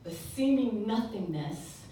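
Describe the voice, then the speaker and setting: A woman giving a lively church talk, telling a story with animated voices and leading call-and-response with the congregation. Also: mid-range voice, slow, slight background noise. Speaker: guest speaker and singer. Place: large church sanctuary. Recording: echoey live church recording from far off.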